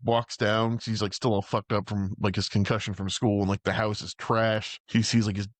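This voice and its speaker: A man's voice: on the low side, flat delivery, normal speed, dry recording. A man co-hosting a casual podcast, recapping a horror film in a rambling, filler-heavy, profane way. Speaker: podcast co-host. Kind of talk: casual movie recap chat.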